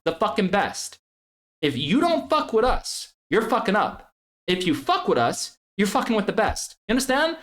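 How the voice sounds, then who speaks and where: A man's voice: high voice, a bit bright. A man hosting a trading group vlog, swearing constantly and hard-selling membership with repeated slogans. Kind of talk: hyped promotional vlog rant.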